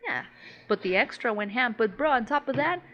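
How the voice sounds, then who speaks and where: A woman chats on a podcast, trading stories in casual slang full of swearing and "bro." She is animated and often laughs mid-sentence. The recording is a bit dull and lo-fi. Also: on the high side, brisk. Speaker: podcast co-host. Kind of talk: casual storytelling chat.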